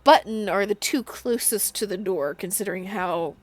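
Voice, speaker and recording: A woman running a tabletop role-playing game as game master, describing the scene in an unhurried way. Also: medium pitch.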